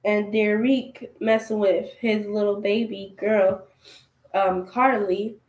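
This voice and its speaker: Slow-talking young woman, echoey room. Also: medium pitch, little pitch movement, a little mellow. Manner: aggrieved, conversational retelling with quoted dialogue. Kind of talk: storytime vlog.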